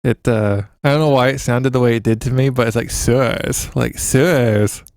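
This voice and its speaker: A man co-hosting a podcast, joking around in casual chat and reading lyrics out slowly. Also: mid-range voice, fairly even intonation, darkish tone, clear, resonant tone, dry recording, clean studio sound. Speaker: podcast co-host.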